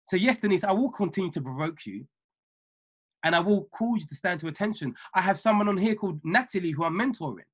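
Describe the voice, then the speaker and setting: A man giving an emphatic, repetitive motivational talk to his trading mentees over a video call, building from calm to fiery. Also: high voice, quick pace, slightly rough. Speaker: trading mentor.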